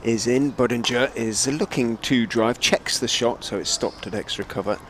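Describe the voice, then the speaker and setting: A man giving live ball-by-ball cricket commentary, measured and telling stories between deliveries. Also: mid-range voice, slight background noise.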